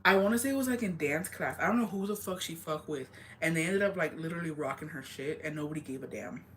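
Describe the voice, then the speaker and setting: A young woman telling a story in casual chat, swearing constantly and talking in an animated way. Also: deep voice, fast, a little hiss or hum. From rural area.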